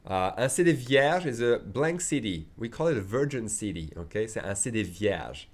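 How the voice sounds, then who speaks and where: A man teaching a French lesson, slowly modeling French phrases, adding chatty asides, and checking in with "okay?" after each point. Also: fairly low pitch, expressive. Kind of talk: online language lesson.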